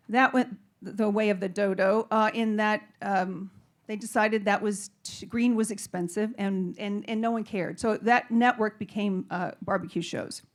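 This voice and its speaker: A woman speaking on a panel, telling a personal story in a rambling, nervous way with many false starts. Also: mid-range voice. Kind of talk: casual personal talk on stage.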